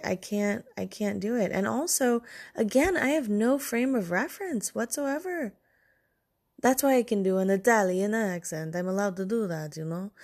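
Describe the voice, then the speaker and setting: A woman talks through her own podcast by herself in her room late at night. She rambles, pokes fun at herself and keeps drifting off on tangents. Her voice sits low with a gravelly fry. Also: a little mellow. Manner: rambling, self-deprecating, goes off on tangents. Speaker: solo podcast host. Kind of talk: rambling solo podcast monologue.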